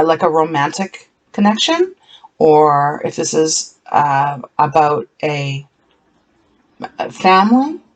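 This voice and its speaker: Earnest, emotional tarot reader speaking to viewers. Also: medium pitch. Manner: earnest, emotional, repeats words and corrects herself mid-sentence. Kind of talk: solo tarot reading video.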